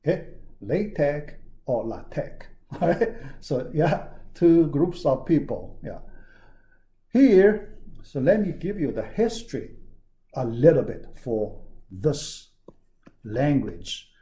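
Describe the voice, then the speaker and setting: Man, university lecturer, slow, mellow, lively intonation, repeats words, many fillers. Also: on the high side. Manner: halting, frequent "yeah" and "all right" fillers; repeats key words for emphasis. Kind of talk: recorded classroom lecture.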